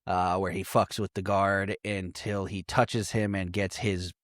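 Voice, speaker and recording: A man's voice: low voice, level tone, a little slow, dry recording, clean studio sound. A man co-hosting a podcast, casually recapping a movie, swearing freely and laughing often. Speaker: podcast co-host.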